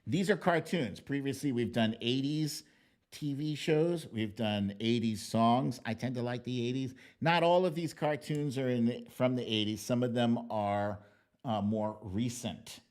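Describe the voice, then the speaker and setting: An American man hosts a political livestream, ranting in an animated, profane, casual way with loud outbursts while reading viewer comments. His voice is mid-range and unhurried.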